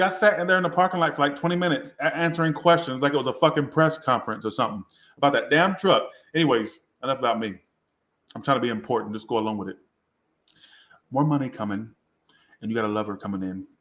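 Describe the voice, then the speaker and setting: This fast-talking man has a medium-pitched, slightly bright voice. He gives a live tarot reading in a tipsy, rambling, crude manner, teasing himself, and the recording carries a roomy echo.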